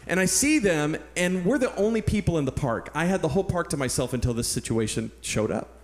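A man from San Antonio preaching a sermon, speaking in a somewhat high voice. He tells a personal story in an earnest, animated way. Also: brisk. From San Antonio, Texas. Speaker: pastor.

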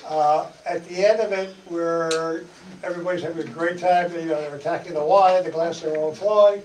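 His voice is on the high side and darkish, fairly quick with fairly even intonation, as he gives a folksy church study-group talk full of chat, laughs and acted-out dialogue. He's a parish presenter, recorded distantly in an echoey church meeting room with faint hiss.

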